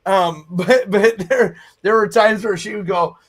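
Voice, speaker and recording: High-voiced male pastor, quick to laugh. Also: husky. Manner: laughs often, halting restarts. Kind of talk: casual faith talk show chat.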